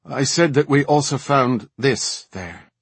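A man's voice: mid-range voice, slow, slightly rough, no room sound, pitched above the performer's own voice. A man voicing a cowed young night elf officer making a hesitant report in an audiobook. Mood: nervous. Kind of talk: audiobook character voice.

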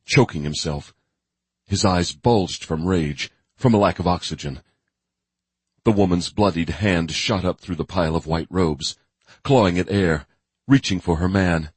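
A man narrating a dark thriller audiobook in a measured storytelling manner with vivid emphasis. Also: deep voice, breathy edge, dry recording.

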